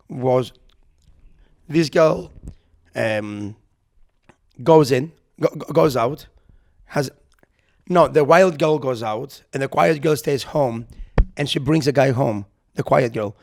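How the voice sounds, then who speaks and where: A man co-hosting a podcast, telling a comic story in casual chat, animated and swearing, acting out the people he quotes. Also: mid-range voice, slow pace, creaky. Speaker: podcast co-host. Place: podcast recording.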